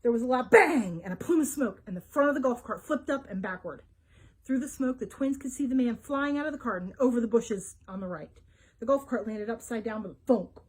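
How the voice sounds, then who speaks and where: A woman's voice: on the high side, brisk, slightly rough. A woman librarian reading a children's adventure book aloud, telling it expressively. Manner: expressive storytelling. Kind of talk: storybook read-aloud for children.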